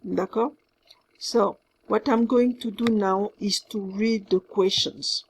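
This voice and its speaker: A woman with a French accent giving recorded class instructions as a French teacher, in a slow, careful way that repeats itself and drops in French words. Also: mid-range voice, steady tone, a little hiss or hum.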